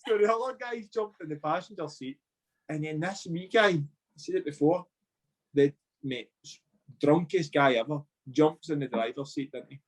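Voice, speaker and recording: A man with a Scottish accent, a podcast guest, telling a sweary anecdote in a lively way and acting out the other people's lines. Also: on the high side, moderate pace, poor audio. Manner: animated anecdote-telling, sweary, acts out dialogue. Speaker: podcast guest, former footballer. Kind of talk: casual storytelling chat.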